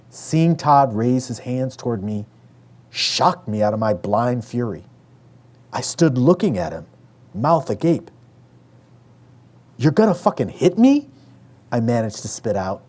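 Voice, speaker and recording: A man from Western New York reads from his own memoir at a measured, steady pace. His voice is dark and mellow, with a middle pitch. He raises it sharply when he quotes family members. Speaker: author reading his memoir. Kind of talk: memoir reading.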